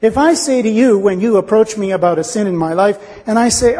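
A man's voice: high voice, expressive, brisk, few pauses, mellow, husky, big-room sound. A man preaching a sermon in an earnest, reasoning way, acting out little dialogues to make his point.

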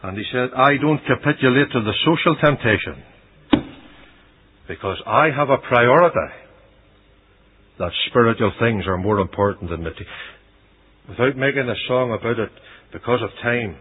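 A man preaching a sermon, voicing scripture dramatically and swinging from loud declarations to hushed asides. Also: medium pitch, expressive, normal speed, pauses often, slight background noise. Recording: dull lo-fi radio recording.

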